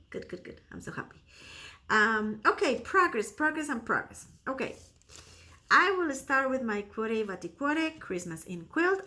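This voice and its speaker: Bright, chatty woman. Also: a little high. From Costa Rica. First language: Spanish. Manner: chatty and enthusiastic, non-native phrasing. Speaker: cross-stitch vlogger. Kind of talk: casual show-and-tell chat.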